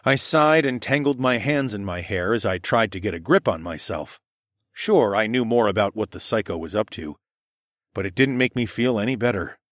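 A man narrating a first-person fantasy romance audiobook in an expressive storytelling manner. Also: on the low side, normal speed, dry recording, studio quality.

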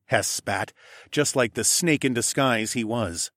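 Expressive male fantasy audiobook narrator. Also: lowish voice, a little slow, no echo, studio quality. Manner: expressive, drops to a hush for tags.

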